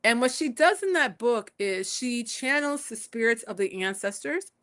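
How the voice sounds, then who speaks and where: A woman's voice: a little high, animated, normal speed, fairly bright tone. A woman poet and scholar answering interview questions in a conversational way, telling stories and acting out the voices she quotes. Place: home in Puerto Rico.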